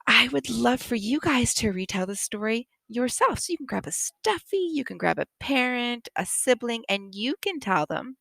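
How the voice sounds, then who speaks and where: A woman teacher retelling a picture book to children, animated and expressive, with frequent laughs. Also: a little high, moderate pace, gravelly, hardly any pauses, no room sound.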